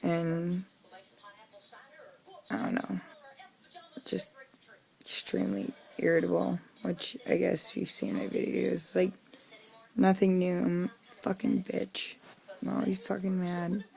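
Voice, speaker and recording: A young woman vlogging casually, venting in an irritable, profane way with lots of fillers, sounding low and weary. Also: little pitch movement, unhurried, vocal fry, mellow. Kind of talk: casual personal vlog.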